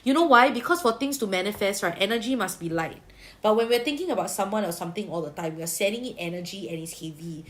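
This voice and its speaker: A woman's voice: medium pitch, animated, quick pace, a bit bright. A woman with a Singaporean accent giving a livestream tarot reading, chatty and colloquial, with Singlish particles and big-sister reassurance. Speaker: tarot reader.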